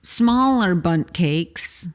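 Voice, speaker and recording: Relaxed young woman chatting casually. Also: fairly low pitch, drawn-out words. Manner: relaxed, lots of agreeing murmurs. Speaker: podcast co-host. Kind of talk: casual chat.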